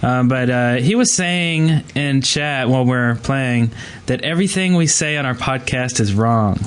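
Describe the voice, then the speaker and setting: A man's voice: medium pitch, measured pace, clear, resonant tone. A young man chatting on a gaming podcast in an ordinary middle voice. He rambles cheerfully, breaking off and restarting his sentences. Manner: rambling, self-interrupting, upbeat. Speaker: podcast co-host. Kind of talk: casual podcast chat.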